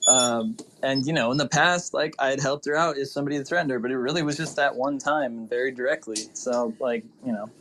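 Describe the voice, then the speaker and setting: A man's voice: medium pitch, fairly quick, hardly any pauses, fairly bright tone. Hesitant man full of fillers. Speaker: guest. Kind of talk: casual chat.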